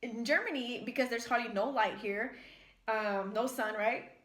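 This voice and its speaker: A woman's voice: on the high side, normal speed. A young American woman vlogging at home, eating and chatting in a rambling, filler-heavy storytelling way. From United States. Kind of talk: casual mukbang chat while eating. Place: at home, in the kitchen. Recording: echoey room.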